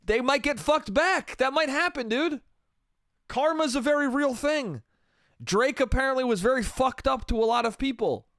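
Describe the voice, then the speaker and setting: A man's voice: very high voice, moderate pace, a bit bright, dry recording, studio quality. Rambling solo podcast man saying dude. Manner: rambling, says "dude" and "bro" a lot, swearing. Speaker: podcast host. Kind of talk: solo comedy podcast monologue.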